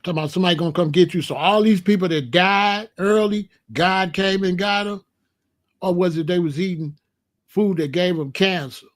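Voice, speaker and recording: A man in his sixties with a rather high voice talks straight into his stream. He is blunt and emphatic, and he often says the same line twice or three times to drive it home. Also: fairly even intonation, normal speed. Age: 60s. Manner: blunt, emphatic, repeats himself. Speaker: host. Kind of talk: casual livestream talk answering chat.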